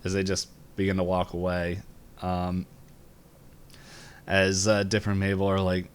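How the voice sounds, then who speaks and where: Guy recapping a cartoon ep on a podcast, lowish smooth voice, keeps laughing and doing the lines. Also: steady tone, normal speed. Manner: laughs while retelling scenes, voices lines with jumps in pitch. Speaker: podcast co-host. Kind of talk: casual episode recap.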